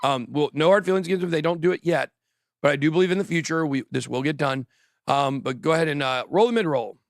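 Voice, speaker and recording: A man hosting a casual crypto livestream, talking quickly and jokily, often trailing off mid-thought. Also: fairly high pitch, no echo, studio quality. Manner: rambling, quick, jokey, trails off. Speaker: crypto show host.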